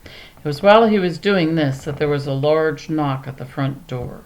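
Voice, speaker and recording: Low-voiced woman reading a storybook. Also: normal speed, a little mellow, low-quality recording. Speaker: audiobook narrator. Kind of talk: storybook narration.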